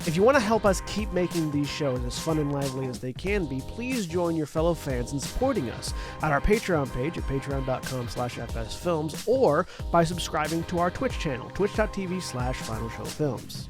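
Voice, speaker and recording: An upbeat man with a fairly high voice runs a tabletop game stream. He laughs easily and keeps things moving, with faint music playing underneath. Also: animated, normal speed. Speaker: game master and executive producer.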